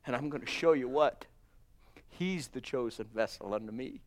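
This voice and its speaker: A man preaching a sermon to his church. He is fervent, moving between soft, hushed lines and loud, emphatic calls, and keeps addressing the congregation as brothers and sisters. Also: medium pitch, expressive, moderate pace.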